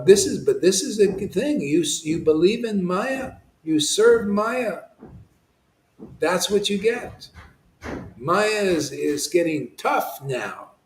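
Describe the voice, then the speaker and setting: A man's voice: high-pitched, sing-song, slow, echoey room, low-quality recording. A man giving an informal devotional satsang talk, rambling and impassioned, with frequent restarts and asides. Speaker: devotional speaker.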